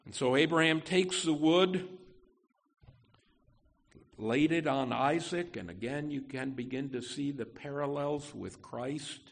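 In a church sanctuary, a male pastor with a fairly high, gravelly, fry-tinged voice preaches an expository sermon. He works through the text slowly and deliberately, pausing and restarting or correcting phrases as he explains it.

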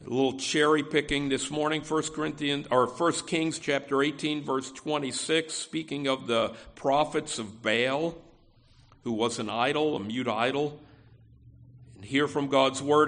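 A man's voice: a little high, fairly even intonation, a little slow, a bit bright. A man preaching a sermon in a conversational way, often saying "you know" and restarting phrases. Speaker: pastor.

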